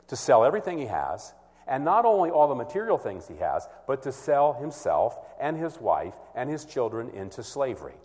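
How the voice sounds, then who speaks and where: Male preacher, mid-pitched, lively rise and fall, earnest expository delivery, long hall reverb. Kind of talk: sermon.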